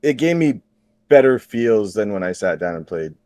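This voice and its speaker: A man's voice: lowish voice, animated, normal speed, darkish tone, dry recording, clean studio sound. A man chatting as a podcast regular, rambling and correcting himself. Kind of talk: casual podcast chat.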